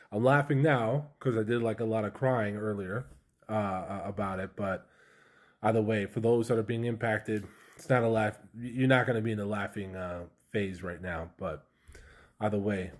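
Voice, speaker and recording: A man casually telling a personal story to camera, candid and chatty, with slang and lots of fillers. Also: fairly low pitch. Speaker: vlogger sharing a personal story.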